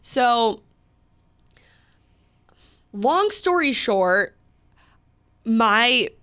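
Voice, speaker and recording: Animated young woman telling a story. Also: a little high, drawn-out words, clear, resonant tone. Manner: animated storytelling, heavy use of "like", frequent restarts and laughs. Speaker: podcast co-host. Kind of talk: casual podcast chat.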